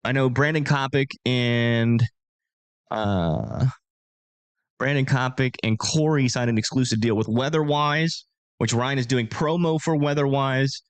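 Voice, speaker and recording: A storm-chasing livestream host in his thirties talks to viewers in a clear, resonant mid-range voice, a little slowly, on a dry recording. He's chatty and self-deprecating, reading donations aloud.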